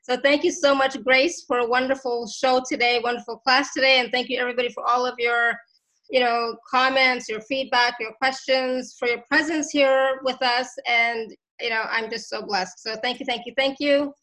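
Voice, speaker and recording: A woman's voice: high-pitched, fairly even intonation, moderate pace, pushed and bright, poor audio. A woman hosting a casual online show, effusive and grateful, laughing often as she talks. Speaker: host. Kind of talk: casual chat.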